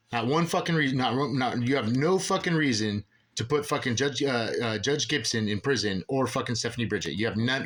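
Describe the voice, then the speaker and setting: A man's voice: mid-range voice, fairly bright tone. Angry, profane man ranting. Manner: agitated, profane, rambling with many restarts. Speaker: aggrieved father ranting about officials. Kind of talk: angry monologue.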